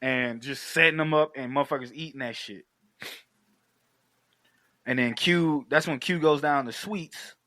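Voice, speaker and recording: Brief: bright, animated man, profane recap chat, dry close sound, voices for the scenes. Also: mid-range voice, unhurried, pauses often, no echo. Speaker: podcast co-host. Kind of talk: casual film recap chat.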